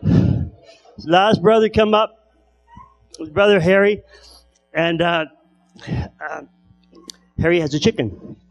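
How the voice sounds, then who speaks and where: A man doing stand-up comedy who stutters, telling stories with repeated word starts and long pauses. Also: sits high, creaky, soft background music, rough recording. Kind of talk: stand-up storytelling.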